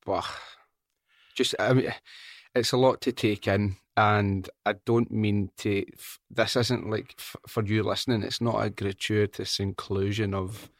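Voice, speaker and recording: A man's voice: lowish voice, steady tone, unhurried, dry recording, studio quality. A man hosting a podcast interview who asks questions in a hesitant, reflective way. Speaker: podcast host.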